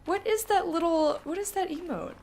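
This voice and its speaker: A woman's voice: very high-pitched, normal speed, creaky, darkish tone, a little hiss or hum. A woman giving casual live commentary while playing a video game, chatty and reactive, often laughing and talking to her chat.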